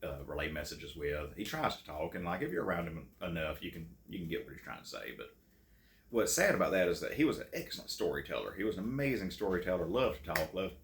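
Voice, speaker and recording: Gravelly low-voiced man. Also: sing-song, fast. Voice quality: gravelly, folksy and laughing easily. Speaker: channel host and storyteller. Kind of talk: casual storytelling. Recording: echoey room.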